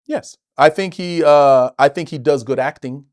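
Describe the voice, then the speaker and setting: A man's voice: fairly high pitch, normal speed. A middle-aged man, an actor, telling stories in a casual interview, swearing and acting out quotes in other voices. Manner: animated, swearing, acts out quotes in other voices, laughs often.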